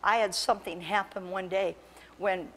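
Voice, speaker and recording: A woman pastor preaching a sermon with impassioned, emphatic delivery that surges to loud peaks. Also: medium pitch, fairly even intonation, moderate pace, big-room sound, a little hiss or hum. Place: church sanctuary.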